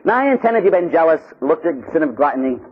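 A male Catholic priest from Pittsburgh giving a blunt, animated preaching talk with joking asides. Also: a little high, fast talker, breathy edge. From Pittsburgh, USA. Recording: dull lo-fi recording.

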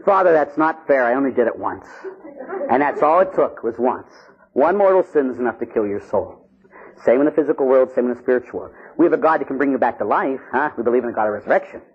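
A Catholic priest preaching an animated, jokey sermon, acting out little scenes for his listeners. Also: medium pitch, fast, breathy edge, phone-quality sound. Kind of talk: lively sermon with acted-out stories.

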